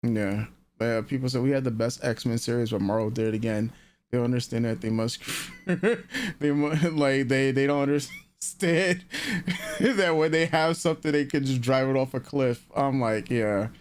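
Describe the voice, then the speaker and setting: A man co-hosting a reaction channel, chatting casually in a rambling, halting way with many fillers and restarts. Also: mid-range voice, smooth. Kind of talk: casual review chat.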